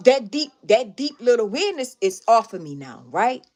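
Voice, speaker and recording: A woman live streaming, casually telling a story to her viewers in an emphatic, animated way with lots of repetition. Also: fairly high pitch, moderate pace.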